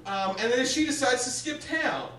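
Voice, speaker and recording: A young man doing stand-up comedy, telling animated stories with sudden shouted bits on a theater stage. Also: extremely high pitch, moderate pace, a little hiss or hum. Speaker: stand-up comic. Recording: echoey theater from a distance.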